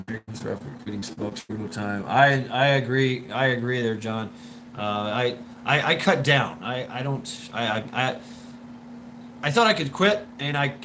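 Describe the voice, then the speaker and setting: Background noise sits behind this fairly low-pitched man as he hosts a casual livestream. He rambles and stammers through viewer comments, swearing a lot, his voice wheezy like a smoker's.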